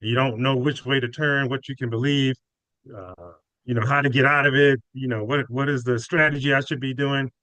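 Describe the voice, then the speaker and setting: A man's voice: medium pitch, fairly even intonation, moderate pace, sharp tone, no room sound, rough recording. Thoughtful man on a dry mic. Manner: thoughtful, reflective. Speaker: podcast co-host. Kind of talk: casual spiritual chat.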